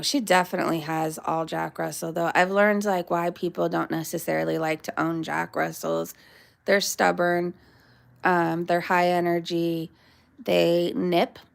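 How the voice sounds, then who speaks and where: Slow-talking woman chatting in her backyard. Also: on the low side, creaky. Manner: chatty and meandering, often breaks off to scold her dog. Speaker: vlogger on a live stream. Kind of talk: casual rambling chat. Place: backyard, outdoors.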